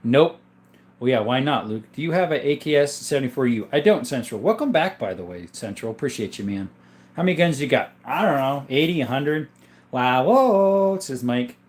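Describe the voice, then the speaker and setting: A man's voice: medium pitch, animated, a little fast. A man hosting a casual livestream, easygoing and rambling as he reads out chat names; he is sick and coughs now and then. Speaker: livestream host showing his gun collection.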